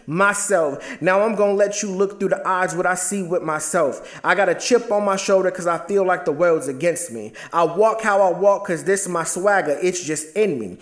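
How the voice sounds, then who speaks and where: A man who is a father, performing spoken word poetry with a rhythmic, rhyming and intense delivery. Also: high-pitched. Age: adult, a father.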